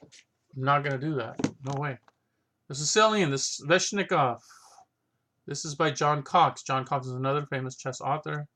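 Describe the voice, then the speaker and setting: A vlogger rambles through his chess book collection in unscripted talk, thinking aloud with lots of restarts and fillers. His voice is a little high and bright, with a forceful tone at normal speed, over slight background noise.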